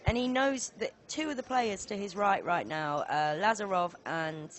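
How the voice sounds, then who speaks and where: A woman commentating live poker, chatty and excitable, joking about herself. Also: mid-range voice, normal speed. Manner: chatty, excitable, self-mocking.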